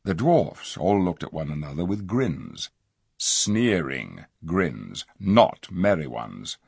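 Man, storybook narrator, husky, animated pitch, expressive. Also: takes it slowly, no echo, studio quality. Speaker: audiobook narrator. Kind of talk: storybook reading.

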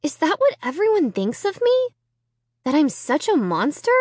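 A woman voicing a frantic young girl who has been wrongly accused, her voice high and wailing. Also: huge pitch swings, normal speed, darkish tone, no echo, clean studio sound. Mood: anguished.

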